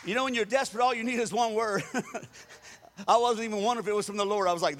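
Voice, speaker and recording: A man's voice: high voice, quick pace, in a large hall. A man from Louisiana, preaching a sermon as a storyteller who acts out the quotes and chuckles often. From Louisiana, USA. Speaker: pastor.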